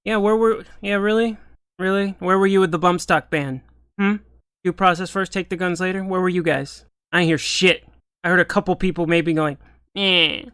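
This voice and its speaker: A man's voice: sits high, steady tone, normal speed, fairly bright tone, clear, resonant tone, no echo. A man ranting in political commentary, exasperated, sarcastic and profane.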